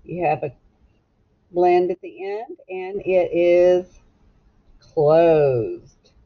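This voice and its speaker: A woman with a fairly low voice leads a children's phonics lesson, slowly sounding out syllables and spelling words letter by letter. She speaks gently and encouragingly to the young learners. The recording sounds dull and lo-fi. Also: steady tone. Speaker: teacher.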